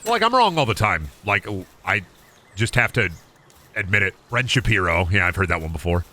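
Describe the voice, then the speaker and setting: A man streaming a game, chatting casually in an animated, joking, crude way. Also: fairly low pitch, normal speed. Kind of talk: casual gaming stream chat.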